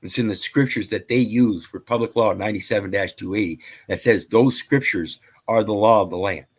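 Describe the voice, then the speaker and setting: A man's voice: on the low side, brisk, husky. A man lecturing casually, reading out statute numbers and scripture in a rambling, preachy way. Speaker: channel host.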